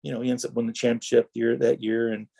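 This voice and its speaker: A man's voice: medium pitch, quick pace, vocal fry, husky. A middle-aged man from Wisconsin, a former racer, telling rambling racing stories as a podcast guest and acting out the exchanges he quotes. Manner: animated anecdotes, acts out quoted exchanges. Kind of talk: rambling storytelling.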